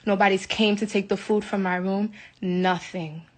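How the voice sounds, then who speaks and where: A woman's voice: medium pitch, steady tone, normal speed. Indignant woman ranting into her phone. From United States. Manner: agitated, indignant, repeats herself. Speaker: livestreamer. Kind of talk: emotional live video rant. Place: hotel room.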